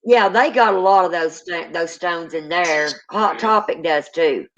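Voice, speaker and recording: A woman's voice: lowish voice, a little slow, fairly bright tone, lo-fi sound. A middle-aged woman with a Southern accent, hosting a casual live chat and reading out viewer comments in a folksy, drawling way. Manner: folksy, drawling, calls people honey and y'all.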